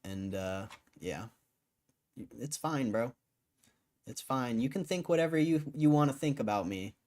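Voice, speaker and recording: A man's voice: mid-range voice, animated, a little slow, darkish tone. A man on a live stream, arguing with his chat in a casual, cussing way, tired after hours on air. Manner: argumentative, swears, laughs between lines. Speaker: livestreamer.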